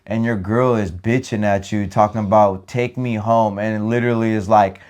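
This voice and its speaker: Young man, animated, profane slangy storytelling, casual podcast chat. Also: on the low side, normal speed. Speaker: podcast co-host.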